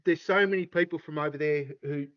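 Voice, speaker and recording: An older man with an Australian accent, a law enforcement analyst talking as a guest in a relaxed, rambling way with lots of fillers. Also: on the high side, brisk, highs cut off. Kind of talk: casual interview chat.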